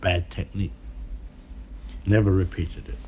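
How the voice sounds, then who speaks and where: A man being interviewed in an archival television conversation, speaking in a measured, dryly witty way, pausing often with "uh". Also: low-pitched, little pitch movement, dull audio, slight background noise. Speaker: film director being interviewed.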